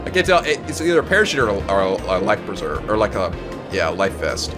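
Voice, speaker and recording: A man giving casual, joking gameplay commentary, excitable and swearing often. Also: sits low, fast talker, music in the background. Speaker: video game let's player.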